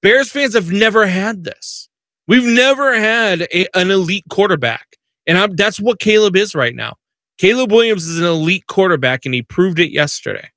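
An excitable man in his thirties or forties talks sports in a casual back-and-forth, his voice bright and forward. He repeats and restarts phrases as he gets worked up, and the sound is dry and close, with no room around it. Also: high voice, moderate pace, dry recording. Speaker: sports talk co-host.

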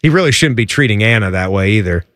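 A man co-hosting a sports radio show, bantering and joking with quick asides. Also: lowish voice, lively intonation, a bit bright, no room sound, studio quality.

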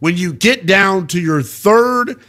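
A man's voice: sits high, expressive, slow pace, pushed and bright. A young man hosting a sports talk radio show, brash and slangy as he takes calls. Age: young adult.

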